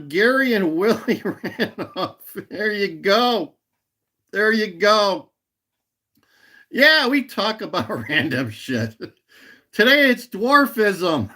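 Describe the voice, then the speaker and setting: This livestream host has a high, bright voice with a forceful tone. Chatting casually with his viewers, he rambles, laughs a lot and keeps coming back to a catchphrase.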